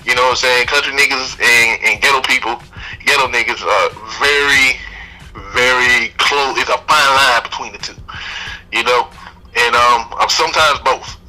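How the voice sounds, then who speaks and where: A man's voice: mid-range voice, fairly even intonation, normal speed, pushed and bright, poor audio. A man from Georgia with a Southern accent, co-hosting a podcast in loose, laughing, slangy banter. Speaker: podcast co-host. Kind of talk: casual chat.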